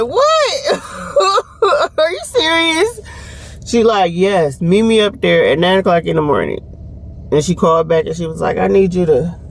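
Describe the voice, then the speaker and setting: A young woman talks into her phone camera in a loose, storytelling vlog. Her pitch swings widely as she laughs and acts out other people's lines, swearing freely. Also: vocal fry. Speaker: vlogger. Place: home and car.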